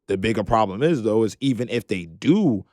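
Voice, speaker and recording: A man's voice: on the low side, expressive, brisk, mellow, no room sound, clean studio sound. A young man co-hosting a casual podcast, explaining his views thoughtfully at length. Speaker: podcast co-host. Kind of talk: casual discussion among friends.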